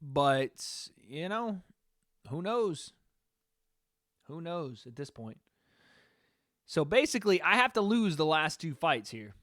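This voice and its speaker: A man with a high voice hosts a live stream, giving casual, rambling reaction commentary. He talks loosely to his chat and swears now and then. The sound is dry and close. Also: slow pace, long pauses, no room sound. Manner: relaxed, rambling, profane, talking to chat.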